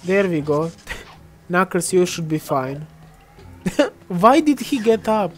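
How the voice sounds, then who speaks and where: A woman's voice: lowish voice, big pitch swings, takes it slowly, faint music behind. A young woman giving casual, chatty gameplay commentary, often giggling and teasing other players. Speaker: gamer.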